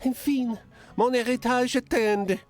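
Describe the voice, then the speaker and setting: A man voicing a hopeful young French woman with a thick French accent, in a high falsetto while reading a game aloud. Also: fairly even intonation, measured pace, soft background music. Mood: delighted.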